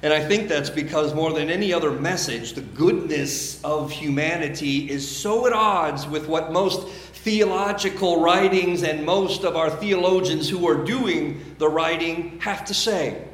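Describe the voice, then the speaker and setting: A man preaching a sermon as pastor, measured and emphatic, with deliberate pauses. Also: on the high side, a bit bright, roomy sound. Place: church sanctuary.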